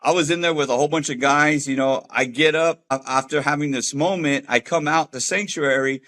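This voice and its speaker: Talking a little fast, this man has a fairly high, slightly bright voice. In casual street slang, he earnestly recounts his faith journey out of gang life, a heartfelt testimony from someone who used to be a gang member.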